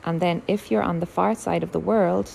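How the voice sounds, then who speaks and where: A woman voicing a tearful young woman who is the heroine's older sister, speaking softly and pleadingly. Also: fairly low pitch, steady tone, normal speed, vocal fry, slight background noise, low-quality recording. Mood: sad.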